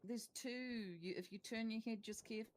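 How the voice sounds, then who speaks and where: A woman playing a police officer in a role-play, speaking softly and pleading. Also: on the high side, steady tone, fast talker. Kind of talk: casual role-play chat.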